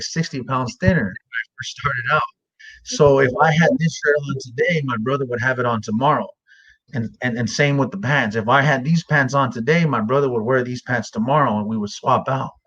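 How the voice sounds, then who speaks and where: A man in his thirties, a nonprofit director, telling his own life story in a talk, earnest and plain-spoken with casual slang. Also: mid-range voice. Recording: dull lo-fi sound.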